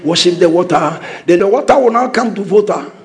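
A man with a Ghanaian English accent preaching a sermon with fervent, rising declarations that often break into shouts. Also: sits high, expressive, a little fast.

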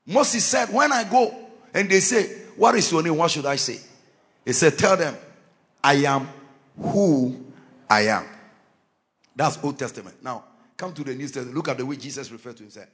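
A man preaching a Christmas sermon to a church, fervent and swinging from quiet lines into sudden shouts. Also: a little high, expressive, normal speed, pauses often, some chatter behind. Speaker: pastor.

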